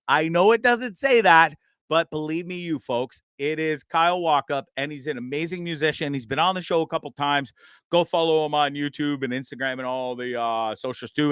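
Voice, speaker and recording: A Canadian man in his fifties hosting a live-streamed talk show, rambling and joking with lots of shout-outs and fillers. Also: fairly high pitch, clean tone, no room sound. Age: 50s. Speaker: host.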